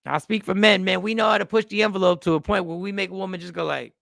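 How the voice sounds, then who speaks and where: A man's voice: high voice, fairly even intonation, fast talker, gravelly, fairly bright tone, no room sound, clean studio sound. A man hosting a talk show, giving emphatic casual commentary straight to his viewers.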